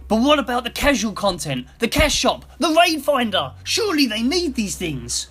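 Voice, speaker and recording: A man's voice: fairly high pitch, very animated, fairly quick, a bit bright, husky, heavily acted. A man voicing a greedy old male boss, Scrooge, in a storybook reading, scoffing and then frantic. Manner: scoffing, turning frantic and desperate.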